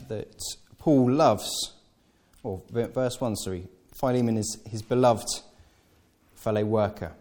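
A man delivers a sermon with a mellow, warm tone at a middle pitch. He talks conversationally, correcting himself as he goes and slipping in playful, acted-out asides for his congregation. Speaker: preacher. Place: church hall with congregation.

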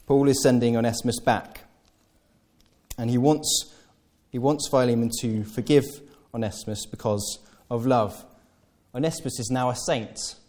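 A man delivers a sermon with a mellow, warm tone at a middle pitch. He talks conversationally, correcting himself as he goes and slipping in playful, acted-out asides for his congregation. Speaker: preacher. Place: church hall with congregation.

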